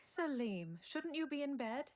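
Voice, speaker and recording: A woman's voice: sits high, big pitch swings, a little slow, a little mellow. An actress voicing a polite, motherly wife in an anime dub clip. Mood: gentle. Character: gentle, doting wife of a leader.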